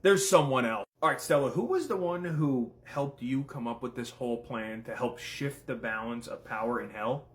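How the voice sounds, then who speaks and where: A man giving casual commentary, firing off questions and swearing freely. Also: medium pitch. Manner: rapid-fire questions, profane, excitable. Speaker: content creator.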